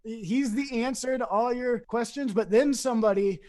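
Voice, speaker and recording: A man's voice: very high-pitched, normal speed, darkish tone. A man from East Saint Louis, a podcast guest in casual chat, telling long rambling stories and acting out the voices he quotes.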